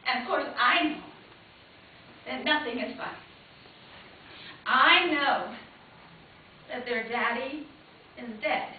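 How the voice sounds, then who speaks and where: A woman performing an emotional, dramatic monologue, her loudness swinging sharply from hushed to loud. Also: high-pitched, takes it slowly, pauses often, a little hiss or hum. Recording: echoey hall heard from far, tinny lo-fi camcorder sound.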